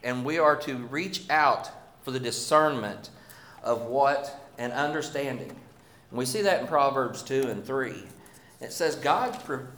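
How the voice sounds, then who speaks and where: A man delivers a sermon at a middling pitch, reading scripture before drifting into folksy, self-deprecating talk. He often stops and restarts his phrases. The sound carries a noticeable room echo. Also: a bit bright. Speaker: preacher.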